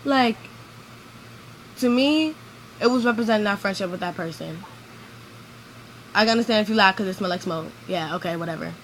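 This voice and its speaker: Woman vlogger, rambling rant, lots of fillers, mid pitch, slight background noise. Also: a little fast, pauses often, low-quality recording. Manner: rambling, venting, heavy use of "like". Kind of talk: ranting vlog monologue.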